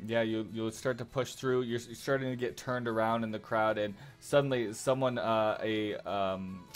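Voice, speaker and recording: A man narrating as game master of a tabletop game, halting with frequent filler sounds. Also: fairly low pitch, steady tone, soft background music.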